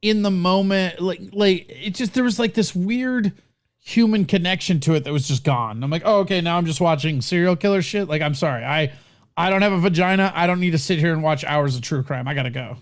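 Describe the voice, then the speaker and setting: A man's voice: high voice, a little fast. A man co-hosting a casual comedic show, swearing and making boastful mock threats. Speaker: co-host. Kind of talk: casual comedic news chat.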